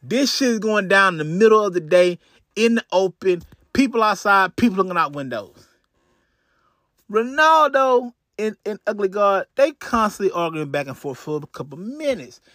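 A man's voice: sits high, expressive, normal speed, sharp tone, no echo. A man hosting a podcast, retelling a crime story in a casual, profane way with lots of restarts and asides, on a close mic. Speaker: podcast host.

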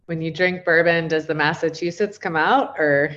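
A woman's voice: low-pitched, steady tone, moderate pace, fairly bright tone, muffled recording. A woman hosting a podcast, opening the show and interviewing a guest in a bubbly manner, laughing often. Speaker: podcast host.

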